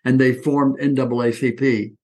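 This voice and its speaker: A man's voice: medium pitch, normal speed. Older man in his eighties, spirited raconteur who slips into other people's voices mid-story. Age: 80s. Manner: lively anecdotal, acts out quoted voices, frequent restarts. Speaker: interview guest. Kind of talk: reminiscing storytelling.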